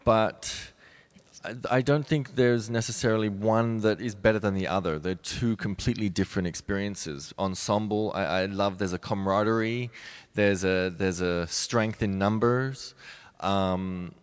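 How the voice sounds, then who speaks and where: Man, forties, low voice, thoughtful, halting speech, interview guest. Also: clean tone. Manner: thoughtful, halting, many restarts and soft laughs. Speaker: ballet dancer guest. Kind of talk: reflective interview conversation.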